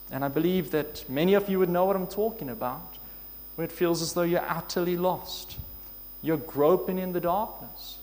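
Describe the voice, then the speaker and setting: A man preaching a sermon in an earnest, measured way, asking his listeners questions. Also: high-pitched, darkish tone. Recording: long hall reverb.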